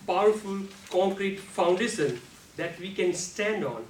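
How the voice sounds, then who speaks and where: A man giving a prepared club speech on how to use the voice, speaking slowly and deliberately with non-native grammar, and now and then showing off sudden jumps in pitch and loudness. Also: animated. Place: meeting room. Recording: echoey room, speaker far from mic, faint noise.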